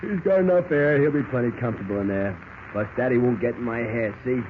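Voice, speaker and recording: A man's voice: medium pitch, fast talker, lightly acted. An actor playing a sleepy small-time gangster who uses lazy, sarcastic tough-guy slang, in 1940s radio acting style. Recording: dull lo-fi old radio recording with hiss.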